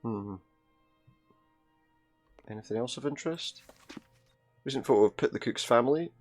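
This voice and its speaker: A man's voice: medium pitch, expressive, normal speed, soft background music. A man giving casual let's-play commentary, chatty and thinking aloud as he goes. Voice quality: chatty, thinks aloud, repeats game lines.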